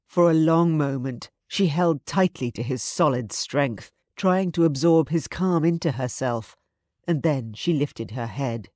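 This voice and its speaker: A woman narrating a romance audiobook in an even, measured storytelling voice. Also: deep voice, no room sound, clean studio sound. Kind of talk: scripted narration.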